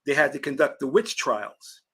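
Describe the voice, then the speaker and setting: Husky, emphatic man lecturing on spirituality. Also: medium pitch, animated, a bit bright. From Virginia, US South. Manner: emphatic, preaching, stretches key words slowly. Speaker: spiritual teacher and channel host. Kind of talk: lecturing livestream talk answering chat.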